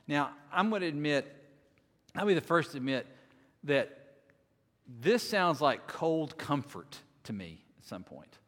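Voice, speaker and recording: A man, a lead minister, preaching a sermon earnestly, swinging between loud emphasis and quiet, soft-spoken moments. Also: on the high side, sing-song, measured pace, long pauses. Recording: long hall reverb.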